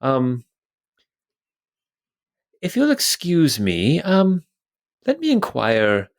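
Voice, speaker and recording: A man's voice: a little high, huge pitch swings, very slow, voice pushed up, exaggerated voice. A man voicing a polite, flustered male guard at a manor gate who stammers in a tabletop game.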